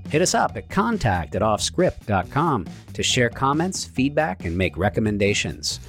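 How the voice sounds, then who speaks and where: A man with a lowish voice hosts a podcast and reads the closing credits. His pitch moves a lot, and his talk has uh fillers in it. Faint music plays underneath. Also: huge pitch swings, moderate pace, fairly bright tone. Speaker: podcast host. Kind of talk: podcast talk and read outro.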